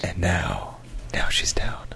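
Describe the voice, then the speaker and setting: Deep-voiced easygoing man. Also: very animated, slow, vocal fry, whispered. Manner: easygoing, rambling storyteller. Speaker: podcast co-host. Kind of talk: casual chat.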